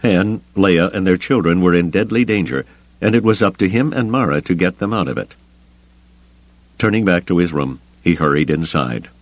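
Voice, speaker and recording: A man narrating an adventure audiobook in an expressive, suspenseful way. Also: low-pitched, moderate pace, no room sound, low-quality recording. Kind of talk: scripted narration.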